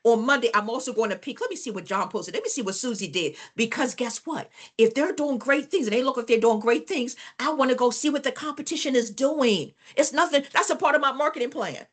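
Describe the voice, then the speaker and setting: A woman trainer runs a live business workshop, speaking fairly high and a little fast with few pauses. She is an animated, emphatic storyteller, repeating phrases and addressing the class directly.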